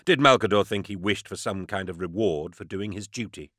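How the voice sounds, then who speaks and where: A man reading scripted narration in a steady, measured storytelling manner. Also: low-pitched, no room sound, studio quality. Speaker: audiobook narrator.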